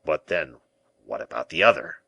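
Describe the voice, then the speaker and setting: A man's voice: very deep voice, expressive, normal speed, creaky, bright, forceful tone, slightly rough, voice pushed down, exaggerated voice. A man reading as a terrified old prison governor. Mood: panicky. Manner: flustered, panicky exclamations. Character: frightened older male prison governor. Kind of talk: audiobook character reading.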